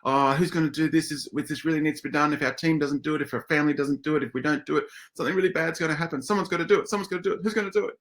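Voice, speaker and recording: A man voicing a panicky, overwhelmed parent in a high, frantic voice as an example in a talk. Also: very fast, hardly any pauses, a bit bright.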